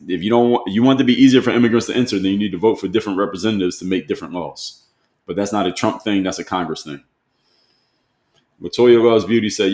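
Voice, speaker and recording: Guy hosting a live stream, answers comments, deep voice, echoey room. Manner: conversational, repeats rhetorical questions. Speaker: host. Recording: roomy echo.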